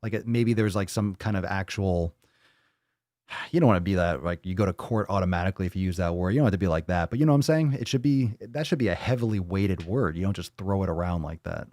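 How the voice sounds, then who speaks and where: A man with a low voice hosts a casual livestream, talking bluntly in a loose, rambling way and swearing freely. The sound is close and dry, with no room around it. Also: fast talker, darkish tone, dry recording. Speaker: livestream host.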